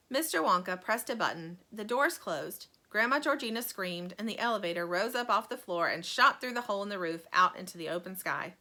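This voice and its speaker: A woman reading a children's chapter book aloud as storyteller, animated and friendly. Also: mid-range voice.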